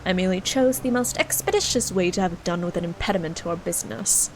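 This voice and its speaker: A woman's voice: on the low side, fast, slight background noise, close to an everyday voice, low-quality recording. Woman reading as a dry, dismissive ancient man. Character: aloof sardonic ancient man.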